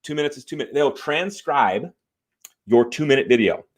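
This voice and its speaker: A man's voice: mid-range voice, normal speed. Fired-up man hosting a live stream. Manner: fired up and emphatic; animated, swears and apologizes. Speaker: live show host. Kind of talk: live-stream talk to viewers. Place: home room.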